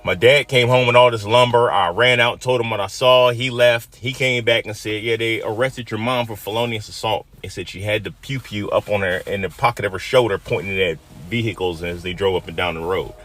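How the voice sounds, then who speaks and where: A man from Michigan in his fifties tells a personal story aloud in a plain-spoken, emphatic way that swings from quiet to loud. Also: on the low side, fairly even intonation, fairly quick, hardly any pauses. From Michigan, USA.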